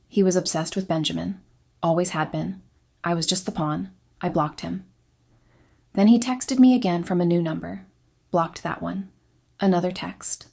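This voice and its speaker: A woman narrating a first-person story in a steady, confessional way. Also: on the low side.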